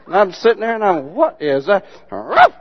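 A man preaching with folksy, teasing humor, his voice sitting a bit high for a man. The sermon recording sounds dull and lo-fi. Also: expressive, a little fast, a faint crowd. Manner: folksy, mocking humor with sudden loud imitations. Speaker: pastor.

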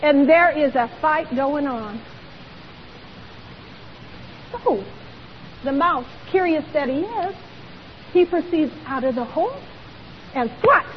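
Female preacher, high-pitched, emphatic sermon delivery, faint hiss on a muffled recording. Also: expressive, slow, pauses often. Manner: emphatic, rhetorical questions. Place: church. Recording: dull lo-fi recording with long hall reverb and faint hiss.

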